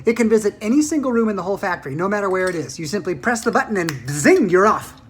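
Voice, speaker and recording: A woman's voice: mid-range voice, fast, slight background noise, voice pushed up, lightly acted. Mister Wonka, as a woman reads him an eccentric showman. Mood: proud. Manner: lively, declaiming, showman-like. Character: eccentric, brisk adult male candy maker.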